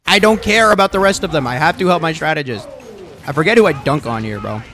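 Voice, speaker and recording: High, bright, insistent young man. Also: lively intonation, fast talker, vocal fry. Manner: insistent and emphatic, repeats "look", swears freely. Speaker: streamer reviewing his own gameplay. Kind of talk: gameplay video review commentary.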